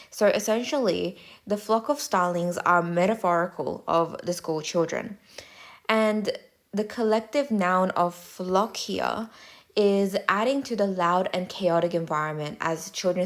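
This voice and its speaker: A woman tutor giving a measured, clear, step-by-step explanatory voice-over lesson. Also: on the low side.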